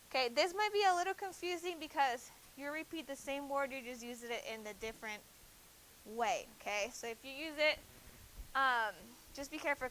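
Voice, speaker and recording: Young teacher lady running spanish drills, high bright voice, quick asides to the kids. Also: a little hiss or hum, rough recording. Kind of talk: classroom teaching. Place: classroom.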